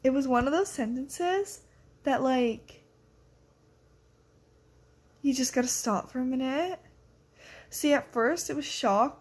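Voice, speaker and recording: Teen girl vlogger, high bright voice, rambling excitable casual chat. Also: slow pace, long pauses, slightly rough. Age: teens. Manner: rambling, excitable, lots of filler words. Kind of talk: casual reading vlog chat.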